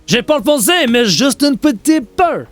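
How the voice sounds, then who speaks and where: A man's voice: very high-pitched, big pitch swings, moderate pace, soft background music, voice pushed up. A man putting on a teasing, exaggerated fake French accent as a mock-pompous Frenchman.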